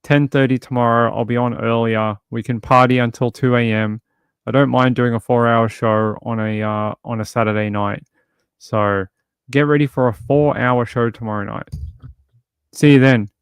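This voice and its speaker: A man hosting a livestream, chatting casually and a little rambling. He reads viewer comments and tosses in playful jokes. His voice sits mid-pitch and sounds close and dry. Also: fairly even intonation, moderate pace, smooth, no room sound. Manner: chatty and rambling, many fillers and restarts; jokey, playful asides. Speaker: livestream host.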